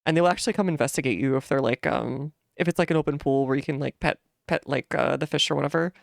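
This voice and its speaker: A woman's voice: low voice, fast, creaky, hardly any pauses, no room sound, clean studio sound. A young woman chatting casually while playing a game, rambling with lots of fillers. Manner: rambling, many fillers and restarts, giggly.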